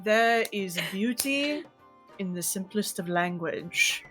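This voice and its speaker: A woman at a game table who makes slow, dry, encouraging remarks. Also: mid-range voice, lively intonation, a bit bright, faint music behind. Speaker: player. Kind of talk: tabletop role-play.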